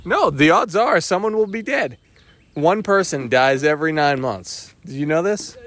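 Male podcast host, slightly high voice, jokey and rambling, casual group chat. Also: lively intonation, fairly bright tone. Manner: jokey, rambling, halting restarts.

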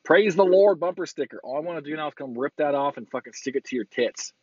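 A man in a car, giving a crude, profane road-rage rant and yelling sarcastic insults at other drivers. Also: on the high side, lively intonation, fast talker, breathy edge, dry recording. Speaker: vlogger ranting while driving. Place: inside a car in traffic. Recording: dull lo-fi sound.

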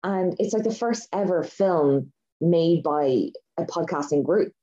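Her voice sits lowish with a dark tone, animated yet a little slow. Co-hosting a podcast in casual conversation, she rambles through a story with enthusiasm and many fillers, captured in dull lo-fi audio.

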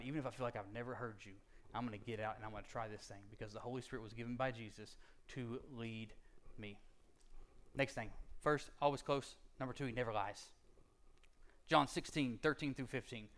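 A man preaching a sermon in a conversational way, with jokey asides and casual slang, dropping to a hush and then building to loud, emphatic stretches. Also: mid-range voice. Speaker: pastor.

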